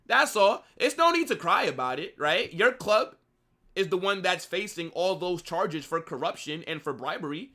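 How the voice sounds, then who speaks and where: A young man runs a live football watch-along and spars with his chat, mocking and needling the commenters. His voice sits high and bright, and his pitch swings widely as he talks. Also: sing-song, moderate pace.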